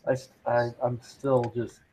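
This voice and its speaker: A male co-host who takes his time with each phrase, laughing and cursing through casual banter. His pitch sits mid-range, and a faint hiss of noise runs underneath him. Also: level tone. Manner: laughing, profane, drawn-out speech. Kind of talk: casual banter on a talk show.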